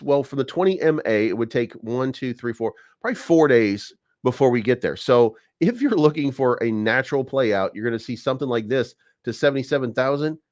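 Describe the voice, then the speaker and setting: A man's voice: mid-range voice, no room sound, lo-fi sound. A man hosting a crypto channel, talking casually through price charts, rambling with lots of fillers, repeated words and casual swearing.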